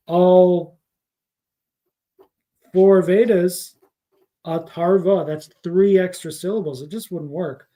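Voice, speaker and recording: A man gives a casual livestream scripture lesson, thinking aloud and filling pauses with ums and uhs. His voice is mellow and warm, sitting a little high for a man. He wanders from point to point as he explains. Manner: rambling, many fillers, thinks aloud. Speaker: spiritual teacher.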